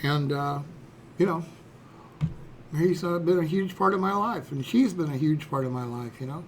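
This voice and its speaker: A man's voice: on the high side, normal speed, slight background noise. A man in his sixties, a streamer telling a personal story in a rambling, folksy way, dropping "you know" and "okay" throughout. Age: 60s.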